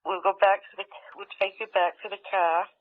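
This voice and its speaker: A woman recounting a memory under hypnosis, halting and repetitive, reliving it as it happens. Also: mid-range voice, little pitch movement. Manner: halting and repetitive, reliving events in present tense. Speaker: hypnosis subject. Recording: tinny, phone-like archival tape.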